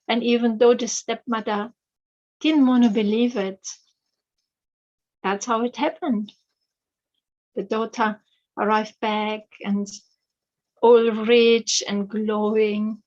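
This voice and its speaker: Slow, hesitant woman storyteller. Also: on the high side, steady tone, a little mellow, lo-fi sound. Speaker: author and storyteller. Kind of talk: fairy tale storytelling.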